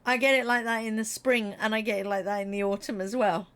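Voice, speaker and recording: A woman's voice: medium pitch, fairly even intonation, quick pace, fairly bright tone. A middle-aged woman streaming a game, chatting casually and giggling as she reads chat, with a slightly froggy throat. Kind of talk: casual live-stream chat while playing.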